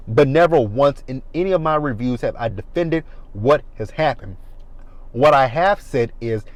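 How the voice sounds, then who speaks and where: Brief: man in his thirties, TV recap reviewer talking from his car, blunt and emphatic with plenty of swearing, mid-pitched voice. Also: dry recording, rough recording. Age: 30s. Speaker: reality TV reviewer. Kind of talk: casual TV recap commentary. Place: parked car.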